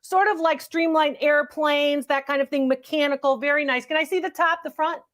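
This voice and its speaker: A woman's voice: sits high, steady tone, normal speed, fairly bright tone. A woman hosting a live, unscripted antiques appraisal call-in show, chatty and effusive, laughing often.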